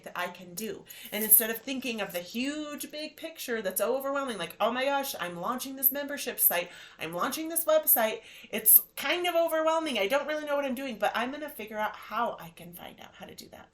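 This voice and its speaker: Effusive encouraging woman podcast host. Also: a little high. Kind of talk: motivational podcast monologue.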